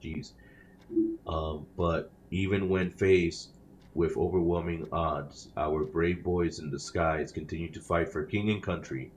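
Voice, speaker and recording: A man with a low, fairly even voice speaks a little slowly, with a bit of hiss or hum in the recording. Playing a game on his channel, he reads in-game newspapers aloud with casual remarks, self-conscious about it and often stumbling over words and correcting himself mid-sentence.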